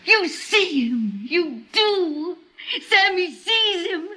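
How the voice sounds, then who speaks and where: Frantic hysterical wife. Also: female voice, extremely high pitch, big pitch swings, extremely slow, bright, forceful tone, heavily acted. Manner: frantic, pleading. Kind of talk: 1940s radio acting.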